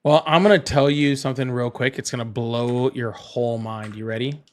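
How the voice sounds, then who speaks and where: A man hosting a casual political call-in livestream, chatty and quick to laugh and banter. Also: mid-range voice, steady tone. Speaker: livestream host.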